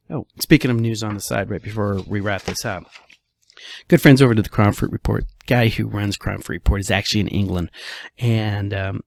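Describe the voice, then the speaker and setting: Gravelly-voiced chatty man. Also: on the low side, darkish tone, no echo, clean studio sound. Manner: chatty, rhetorical questions, frequent "all right". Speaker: real estate broker vlogger. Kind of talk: casual market commentary.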